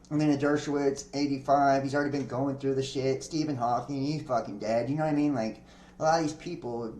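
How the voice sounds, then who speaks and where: A man's voice: mid-range voice, darkish tone, slight background noise. A man hosting a podcast, reading news articles aloud and breaking off into profane, chatty commentary with frequent laughs. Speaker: podcast host. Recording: echoey room.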